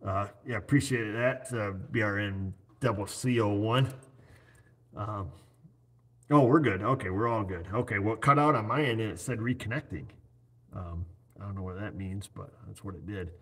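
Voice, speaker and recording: At a moderate pace, a man in his 40s hosts a casual livestream through his computer setup, rambling and joking as he goes. His voice is lowish, slightly rough, and fairly bright in tone.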